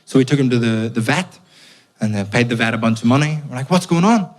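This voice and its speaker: A man's voice: mid-range voice, quick pace. A man from Belfast with a Northern Irish accent, telling anxious, profane, self-mocking stories in a stand-up set. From Belfast, Northern Ireland. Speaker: stand-up comedian. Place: comedy club stage with live audience. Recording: live stand-up with audience laughter.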